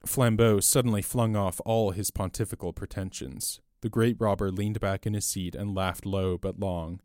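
A man narrating a story aloud in a measured, clear audiobook delivery. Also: lowish voice, steady tone, a little mellow, no room sound, clean studio sound.

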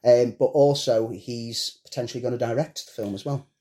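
A man's voice: medium pitch, fairly even intonation, brisk, dark tone. A British man hosting a casual film podcast, explaining movie news in detail. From Britain. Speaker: podcast host. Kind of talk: casual chat.

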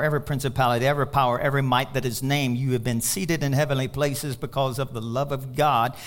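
A male pastor preaching a sermon, swinging from loud exhortation to hushed asides. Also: mid-range voice.

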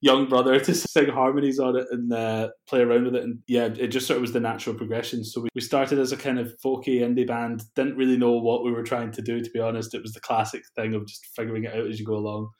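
A man's voice: medium pitch, fast talker, few pauses. Guy in his twenties chatting easy, lots of laughs, roomy echo. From Scotland. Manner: relaxed, laughs often, rambling asides. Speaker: guest, music producer. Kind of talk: casual interview chat.

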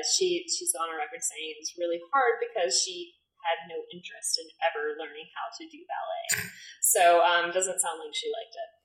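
A woman's voice: fairly low pitch, fairly bright tone, echoey room, low-quality recording. A woman co-hosting a casual film review chat, talking in a chatty way with lots of fillers. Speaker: podcast co-host.

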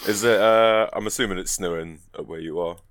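A young man with a very deep voice, chatting loosely on a podcast and swearing casually. His voice sounds dry and close to the mic. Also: fairly quick, fairly bright tone, dry recording. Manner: laughs often, swears casually. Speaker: podcast co-host. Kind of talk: casual chat.

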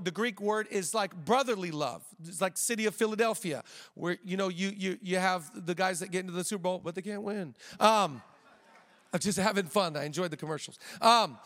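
A high-pitched male pastor in his thirties, preaching with energy and slowing down to drive key lines home. He mixes in quick joking asides. His voice rings out with long reverb through a church auditorium. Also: fairly bright tone. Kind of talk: sermon.

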